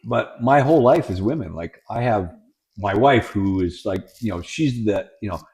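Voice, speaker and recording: A middle-aged man co-hosting a podcast, telling family stories in a blunt, animated, no-nonsense way. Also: on the low side, moderate pace. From Italian family. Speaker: podcast co-host. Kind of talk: casual chat.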